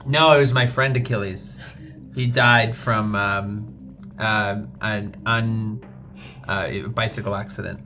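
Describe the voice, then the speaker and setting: A man's voice: lowish voice, fairly even intonation, slow pace, bright, forceful tone, slight background noise. A man playing a tabletop game, playful, often laughing and exclaiming. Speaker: player.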